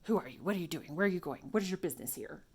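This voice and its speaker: A woman's voice: on the low side, lively intonation, darkish tone, slightly rough. A woman voicing her territorial male dog as a suspicious, indignant guard who fires off questions. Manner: suspicious rapid-fire questioning.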